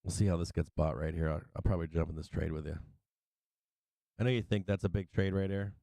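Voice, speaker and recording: Talking fast over his charts, this middle-aged livestream host gives casual live trading commentary, laughing often, cursing without restraint, and breaking into sing-song chants. He has a low, dark voice with vocal fry and fairly even intonation, and the recording is dry.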